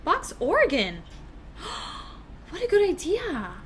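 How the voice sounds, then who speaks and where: A woman's voice: extremely high pitch, wildly swooping pitch, slow pace, a little hiss or hum. A woman co-hosting a casual livestream from a room at home, reading out viewer comments and chatting about them. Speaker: livestream co-host.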